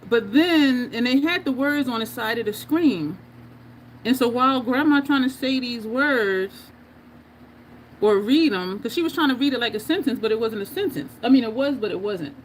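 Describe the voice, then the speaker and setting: A woman with an expressive, higher-leaning voice talks at a normal pace during a casual livestream where she does her makeup. She laughs often and reads viewer comments aloud, with slight background noise present.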